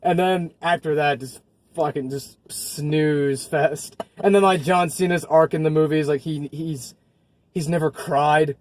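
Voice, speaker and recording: Man, casual movie chat, rambling, swearing, laughing, slightly high pitch. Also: steady tone, a little slow, darkish tone, dry recording. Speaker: co-host.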